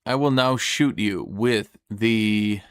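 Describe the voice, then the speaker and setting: A man's voice: on the low side, slow, fairly bright tone, smooth, dry recording. A man playing a tabletop wargame, thinking aloud, counting dice and swearing at his own mistakes. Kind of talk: casual play commentary.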